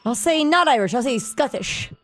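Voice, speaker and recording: A woman's voice: high voice, lively intonation, faint music behind. A woman co-hosting a radio show, chatting playfully and joining in the quiz. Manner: playful, quick to laugh. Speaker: radio co-host. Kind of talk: casual radio banter.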